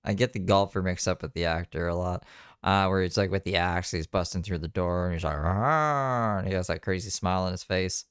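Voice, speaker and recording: A man's voice: low-pitched, level tone, fast talker, clean tone, no room sound, clean studio sound. A man streaming live and reacting to videos in casual, mocking commentary, swearing freely.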